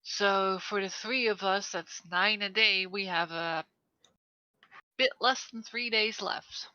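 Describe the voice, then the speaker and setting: Bright-voiced woman playing a tabletop game. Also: mid-range voice, fairly even intonation, slow pace, no room sound. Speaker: player. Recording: dry, dull lo-fi call audio.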